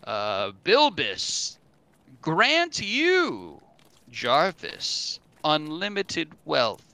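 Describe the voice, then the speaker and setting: A man voicing a grand male genie of a lamp, speaking in slow, booming proclamations. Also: wildly swooping pitch, bright, forceful tone, no echo, full character voice. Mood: grandiose.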